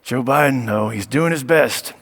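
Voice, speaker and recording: Comic guy, deadpan mock bragging, bit of a long echo. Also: medium pitch, moderate pace. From United States. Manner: sarcastic, deadpan asides with mock boasting. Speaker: stand-up comedian. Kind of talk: stand-up comedy set. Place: stage of a live show venue.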